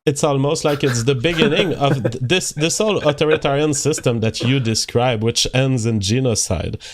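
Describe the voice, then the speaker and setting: A man hosting a livestream, reading viewer messages aloud and explaining at length in a measured way. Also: mid-range voice. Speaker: host.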